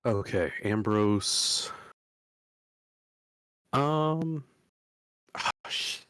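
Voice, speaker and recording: A man playing a tabletop game talks casually and laughs at himself. His voice is low. The sound is dry, with no room echo. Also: animated, extremely slow, fairly bright tone, clean tone. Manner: chatty, self-deprecating, apologetic. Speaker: player.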